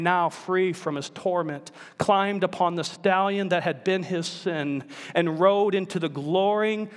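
A male pastor delivers a sermon in a high, urgent voice, moving between quiet storytelling and emphatic calls to his church, with a long reverb filling the sanctuary.

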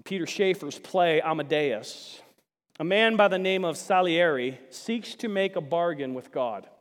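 A male pastor preaching a sermon, swinging between loud emphasis and hushed asides, often putting questions to the congregation. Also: fairly high pitch, unhurried. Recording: long reverb of a large hall.

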